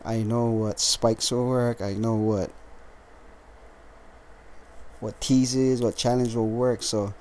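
A tired, lethargic man hosting a casual solo podcast, rambling with halting restarts and frequent swearing. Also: medium pitch, flat delivery, darkish tone, slight background noise. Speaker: podcast host.

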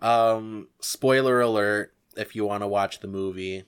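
A young man co-hosting a casual chat, calmly summing things up. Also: lowish voice, a little slow, clean tone.

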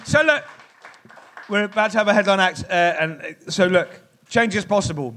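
Live event host, a man with a high, bright voice, fired up and cursing as he introduces acts. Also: normal speed. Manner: excited, sweary, rallying the crowd. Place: live music club with audience.

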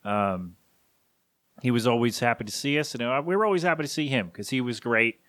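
A man, in his thirties, hosting a solo podcast and speaking haltingly with grief, his voice catching as he rambles through a tribute. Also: medium pitch, lively intonation, fairly bright tone, no room sound. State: grieving, voice catching. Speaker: podcast host.

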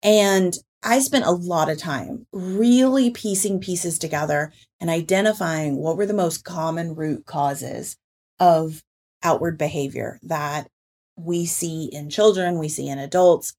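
A woman hosts a parenting podcast, talking through her ideas in a relaxed, chatty way. Her voice sits on the low side. She acts out what other people say with quick little put-on voices. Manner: explanatory, animated, quotes people in put-on voices. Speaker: podcast host and parenting author. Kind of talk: casual podcast chat.

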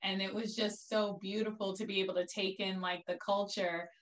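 A woman from Brooklyn tells stories as an interview guest. Her voice sits at a middle pitch for a woman, and she speaks in a lively, animated way, often breaking into laughter between phrases. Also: moderate pace, low-quality recording. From Brooklyn, New York. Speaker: guest, entrepreneur. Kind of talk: casual interview storytelling.

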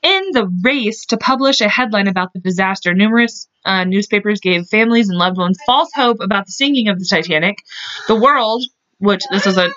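A woman's voice: mid-range voice, fairly bright tone, dry recording. A woman co-hosting a podcast in casual chat, reading history notes aloud in a chatty, blunt way with jokes and the odd swear. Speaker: podcast co-host. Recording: dull lo-fi recording.

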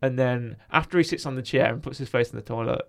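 A man's voice: mid-range voice, fast talker, gravelly. A man casually chatting as a podcast co-host, laughing often and acting out film quotes. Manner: laughs often, acts out quotes in a put-on accent. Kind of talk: casual chat, retelling film scenes.

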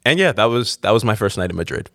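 A young man tells a story in a loose, rambling way, stumbling over repeated words and laughing at his own mishaps. His pitch swings freely as he gets into it, and the voice sounds close and dry. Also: big pitch swings, fast talker, a bit bright, no echo. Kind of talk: casual personal anecdote.

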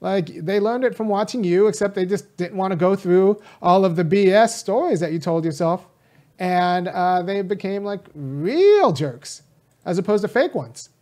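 A man's voice: sits high, animated, moderate pace, warm tone. Impassioned man from California talking politics. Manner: impassioned, addresses viewers directly, rambling asides. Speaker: college teacher. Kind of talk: casual political video monologue.

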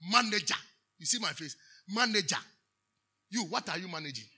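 Ghanaian man, pastor preaching, high voice, husky edge, call-and-response, English and Twi. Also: expressive, brisk, bright, forceful tone. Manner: switches between English and Twi. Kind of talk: sermon.

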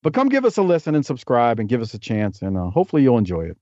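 A man chats as a guest on a podcast, rolling from one story to the next with jokey asides. His voice sits at an ordinary pitch. The audio is dry and slightly dull, like lo-fi podcast sound. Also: huge pitch swings, very fast, mellow, dry recording. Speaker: podcast guest, wrestling historian. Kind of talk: casual interview chat.

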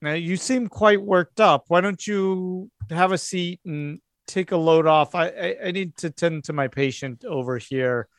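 A man voicing a curt, cool woman doctor in a tabletop game, speaking with measured, slightly awkward politeness. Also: high-pitched, no room sound, studio quality. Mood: polite. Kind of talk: tabletop role-play.

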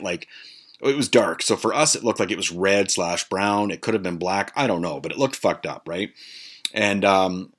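A man hosting a podcast, telling a rambling, profanity-laden story in a casual way, full of ums and uhs. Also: on the low side. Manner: profane, rambling, many fillers. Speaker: podcast host.

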